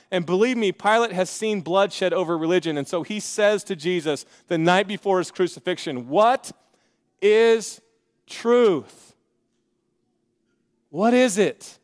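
A man preaching a sermon in an energetic, conversational way, with joking asides to the congregation. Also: high voice. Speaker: pastor. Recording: long reverb of a large hall.

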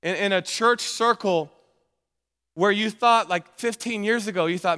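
A man preaching a sermon to his congregation in a casual, energetic way, often restarting his sentences. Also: sits high, moderate pace, smooth. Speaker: pastor. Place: church sanctuary. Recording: long hall reverb.

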